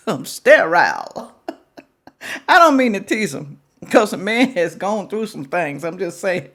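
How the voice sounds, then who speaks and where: A woman hosts a reaction video and talks straight to her viewers in a loose, chatty way, teasing and asking them questions. Her pitch is mid range but moves around a lot. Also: sing-song, slow, a bit bright. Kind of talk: casual reaction commentary.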